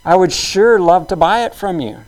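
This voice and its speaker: A man's voice: sits high, moderate pace, a little mellow, close to an everyday voice, rough recording. A man voicing a greedy king who eagerly coaxes a vineyard owner to sell. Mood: eager, wheedling. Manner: eager, wheedling.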